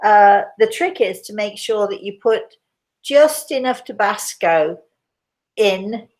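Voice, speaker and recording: This clip features an older British host on a laid-back livestream, answering viewer questions with a British accent. She speaks slowly and expressively at a medium pitch, with a darkish tone. Chatty and prone to rambling, she laughs readily.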